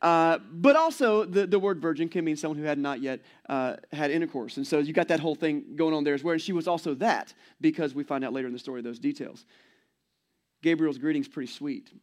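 A man's voice: a little high, a little fast. A man in his forties preaching a sermon as pastor, in a conversational, playful way and acting out quoted voices.

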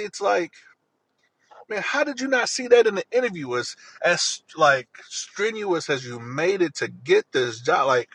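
A man's voice: high voice, vocal fry, a bit bright, husky, no echo, poor audio. A man telling a personal story in an earnest, rambling way, often repeating himself.

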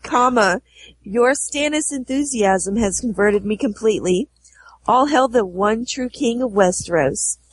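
A woman co-hosting a podcast with a cold, hoarse voice, reading listener messages aloud. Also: on the high side, animated, a little slow, no echo. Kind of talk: casual podcast chat.

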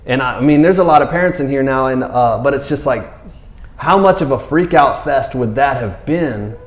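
A man preaching a sermon in a relaxed, conversational way, acting out quotes playfully. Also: medium pitch, normal speed, reverberant. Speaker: pastor.

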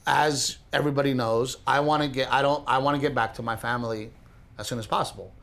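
A man co-hosting a casual podcast, telling a story in an animated way, speeding up when excited and restarting his sentences often. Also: mid-range voice, quick pace. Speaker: podcast co-host.

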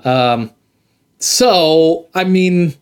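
A man's voice: on the high side, drawn-out words, smooth. A man co-hosting a podcast, teasing his partner in casual chat. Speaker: podcast co-host.

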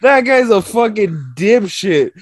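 A man co-hosting a podcast in casual chat, swearing freely and telling stories with lively energy. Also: high voice, takes it slowly. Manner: profane, animated storytelling with mock voices. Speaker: podcast co-host.

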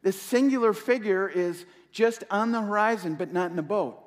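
A male pastor preaching with passion, his fairly high voice surging and then dropping low as he repeats his key lines. The sound carries a long reverb from the church hall around him. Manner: impassioned, rising and falling with pauses, repeating key phrases. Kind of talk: sermon.

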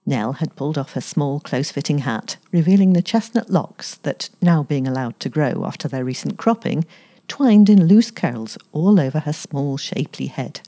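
A woman reading a story aloud in an expressive, measured way. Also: sits low. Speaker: story reader.

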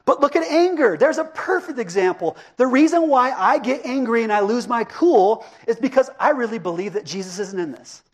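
A man's voice: extremely high pitch, lively intonation, moderate pace, hardly any pauses. A middle-aged man preaching a sermon as a pastor, talking casually and asking his congregation questions. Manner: conversational, asks the congregation questions. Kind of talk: interactive sermon.

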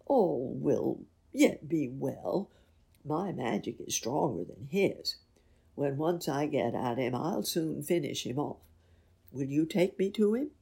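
Brief: woman voicing a plucky storybook fairy cat, eager, lively swings, a husky edge. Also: deep voice, slow, full character voice. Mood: reassuring. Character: bold cheerful magic male fairy cat.

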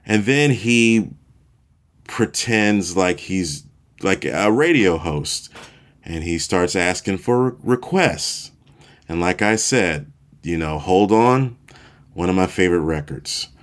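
A man in his forties hosting a podcast, telling a story in a relaxed, self-deprecating way. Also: low-pitched, slow pace. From Chicago, USA. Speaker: podcast host. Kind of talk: casual storytelling monologue.

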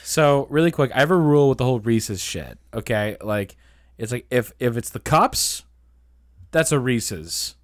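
A man's voice: medium pitch, animated, normal speed, no room sound, studio quality. A man hosting a podcast in casual chat, rambling and swearing playfully. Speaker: podcast host.

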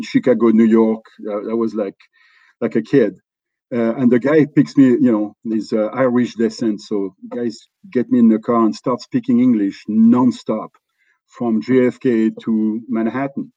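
A middle-aged French-accented company executive, appearing as an interview guest, tells stories full of fillers and restarts. His mellow voice is fairly low, and the dry recording has its highs cut off.

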